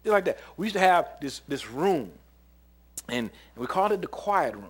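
A man preaching a sermon, telling camp stories in an animated way, often laughing and acting out what people said. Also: a little high, normal speed, slightly rough. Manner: animated storyteller, laughs often, acts out quotes. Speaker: preacher and former camp counselor.

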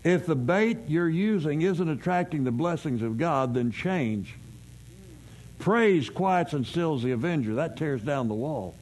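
A man's voice: on the high side, expressive, measured pace, darkish tone. A man preaching a sermon as pastor, folksy and conversational, telling everyday stories and asking rhetorical questions.

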